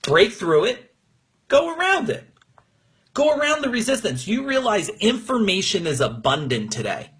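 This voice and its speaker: A man with a fairly high, husky voice gives a motivational talk on a live call. He speaks with emphatic energy, as a coach rousing his audience. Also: moderate pace. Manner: energetic, emphatic, gets emotional. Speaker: business coach. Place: his room at home.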